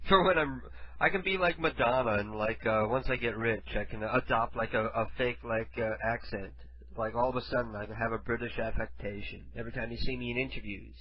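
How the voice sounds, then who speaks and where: A man's voice: mid-range voice, normal speed, muffled recording. A man hosting a radio show, chatting casually between prank calls in a rambling, crude, laughing way. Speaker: radio host.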